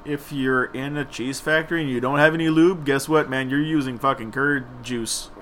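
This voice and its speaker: Man, French native speaker, slight Quebec French accent, bright tone, joking podcast guest chat. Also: medium pitch, steady tone, normal speed, a little hiss or hum. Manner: joking, loose and chatty. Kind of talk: casual chat.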